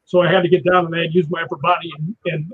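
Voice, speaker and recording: A man, a stunt performer guest, telling lively anecdotes and acting out crashes with sound words like boom and whap, with a husky voice. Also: rapid-fire. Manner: animated, acts out impacts with sound words. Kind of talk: anecdotal storytelling on a live show. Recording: dull lo-fi sound.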